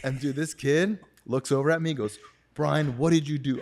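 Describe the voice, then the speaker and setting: Guy on a podcast telling a crazy story, swears a lot, slangy, does everyone's lines, gets loud when it's intense. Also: medium pitch, a little fast. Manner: profane, slangy, acts out the other people's lines; gets loud and excited when retelling the chase. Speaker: podcast guest. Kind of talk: casual storytelling.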